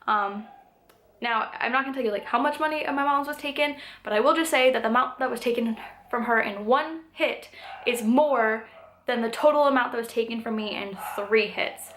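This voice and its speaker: A woman's voice: a little high, brisk, fairly bright tone. A woman in her twenties telling a storytime vlog in a chatty way, full of "like" and "um". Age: 20s. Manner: chatty, filler-heavy telling with frequent "like" and "um". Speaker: vlogger. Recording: echoey room.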